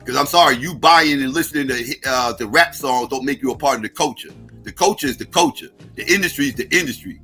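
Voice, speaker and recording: Middle-aged male stream host, profane combative rant, sharp bright tone, faint music underneath. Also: medium pitch, fast talker. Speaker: livestream host. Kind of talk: heated livestream rant.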